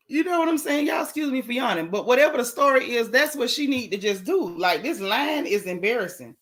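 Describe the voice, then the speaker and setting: Host, middle-aged woman, sassy animated gossip talk, slightly high voice. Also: brisk, hardly any pauses. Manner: sassy, animated, colloquial storytelling. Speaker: host of a live gossip stream. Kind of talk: casual gossip chat, greeting live chatters.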